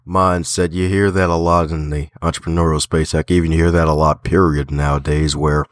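His pitch is extremely low and his tone level as he talks briskly, a Baltimore guest with a hint of Southern twang. The author and podcaster stays upbeat and folksy in this casual interview, laughing frequently, with no room sound.

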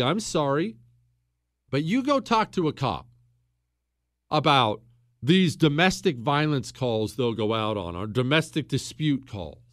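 A man delivers a political talk monologue as host, hammering points home with repetition. His pitch sits a bit high and swings widely. The sound is dry and close. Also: dry recording. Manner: emphatic, repetitive, lecturing. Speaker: podcast host.

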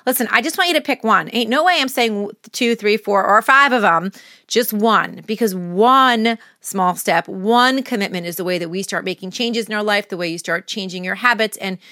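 A woman's voice: mid-range voice, moderate pace, bright, forceful tone, no room sound, studio quality. A woman hosting her own podcast, talking straight to listeners in an upbeat, encouraging, chatty way with casual fillers. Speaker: podcast host. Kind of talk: solo podcast outro, motivational.

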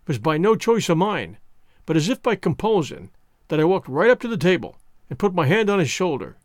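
Expressive male audiobook narrator. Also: high-pitched, a little fast, no echo, clean studio sound. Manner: expressive storytelling, first-person narration. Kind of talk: scripted narration of a classic novel.

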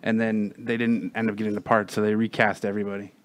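A man's voice: on the low side, little pitch movement, fast. A man chatting casually, rambling with many restarts, fillers and some swearing. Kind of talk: casual chat.

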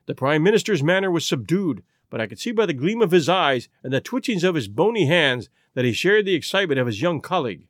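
A man narrating a detective story audiobook in an expressive, animated reading. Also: fairly high pitch, fast, few pauses, no echo, studio quality.

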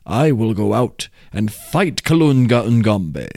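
A man's voice: fairly low pitch, big pitch swings, slow pace, gravelly, mellow, no room sound, studio quality, heavily acted. A man reading as determined hero Ngunza. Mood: resolute. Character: Ngunza, determined young man seeking his brother.

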